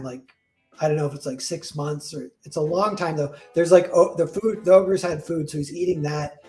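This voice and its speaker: A man with a voice on the high side and a darkish tone retells a fairy tale casually. His telling rambles, full of "like," and he corrects himself along the way.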